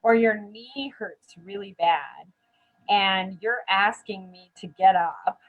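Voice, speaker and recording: A woman's voice: medium pitch, slow pace, narrow, tinny audio. Middle-aged woman trainer on a live stream, earnest, keeps asking "right?". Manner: earnest, many ums and "right?" checks. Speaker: dementia care trainer.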